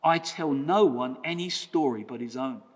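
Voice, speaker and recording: A great lion speaking with calm command, each phrase weighed and stressed, as a preacher reads it aloud. The voice sits at an ordinary middle pitch and rings out into the long reverb of a church hall. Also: male voice, normal speed, close to an everyday voice. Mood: solemn. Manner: solemn, emphatic storybook reading.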